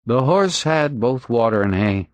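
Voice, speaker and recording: A man's voice: mid-range voice, animated, a little slow, no room sound, voice pushed up, close to an everyday voice. A man voicing a male police officer who gives plain, brief reports. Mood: flat.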